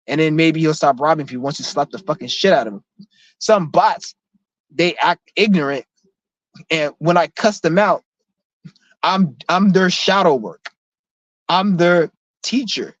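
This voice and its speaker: An unhurried man with a slightly high voice pauses often while delivering a heated, foul-mouthed rant to his camera. As a vlogger he's blunt and confrontational, with lots of repetition and restarts. The dull lo-fi recording is dry, without echo.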